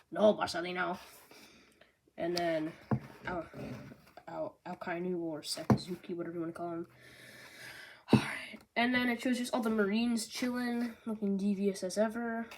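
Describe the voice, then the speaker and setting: Young woman vlogger, chatty and filler-heavy, mid pitch, noisy home recording. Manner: bubbly, filler-heavy, jokey asides. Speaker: manga review vlogger. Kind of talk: casual chat.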